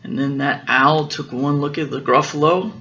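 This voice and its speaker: A father reading a picture book aloud to his children, gently explaining the story as he goes. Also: fairly high pitch, steady tone, normal speed, lo-fi sound, a little hiss or hum.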